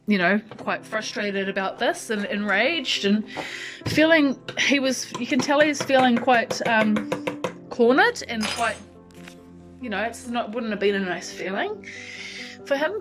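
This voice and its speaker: A woman talks casually to camera from her lounge at home, rambling with frequent ums as she thinks aloud. Her pitch sits in an ordinary middle range. Music plays clearly in the background. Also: low-quality recording. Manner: talks to her cat mid-story. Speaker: vlogger. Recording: music playing behind.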